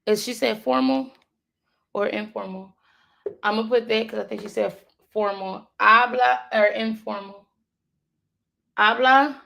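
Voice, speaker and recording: Woman studying aloud, gravelly voice, slow and musing, repeats words, fairly high. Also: a bit bright. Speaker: learner. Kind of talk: thinking aloud while studying.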